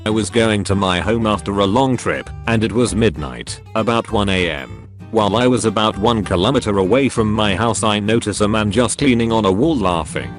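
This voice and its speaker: A man narrating online posts in an even, matter-of-fact scripted reading. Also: fairly low pitch, normal speed, hardly any pauses. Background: faint guitar music.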